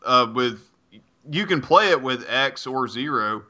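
A man's voice: medium pitch, lively intonation, measured pace, sharp tone. A man chatting casually about games on a podcast, rambling and swearing offhandedly. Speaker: podcast co-host. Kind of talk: casual game review chat.

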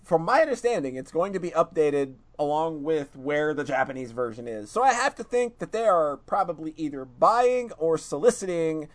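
A man co-hosting a casual gaming podcast, excitable and full of swearing. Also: a little high, moderate pace, hardly any pauses. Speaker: podcast co-host.

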